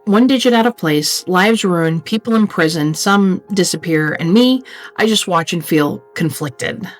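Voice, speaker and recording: A woman's voice: mid-range voice, lightly acted. A sly, scheming accountant, as a woman voices him in a horror game. He savours each word with smug, theatrical menace.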